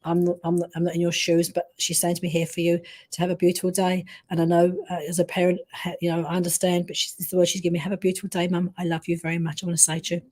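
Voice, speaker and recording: A woman medium giving a live reading to a grieving mother, speaking softly and haltingly, often pausing to say "I wanna say to you" and "okay?". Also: on the low side, completely flat delivery. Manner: soft, gentle and consoling. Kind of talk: live-streamed intuitive reading.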